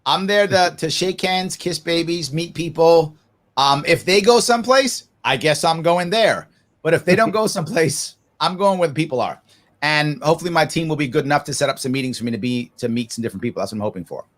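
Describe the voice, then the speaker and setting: An animated man in his forties, a podcast guest who speaks off the cuff in a slightly high voice. He laughs often and slips into quick character voices as he makes his points.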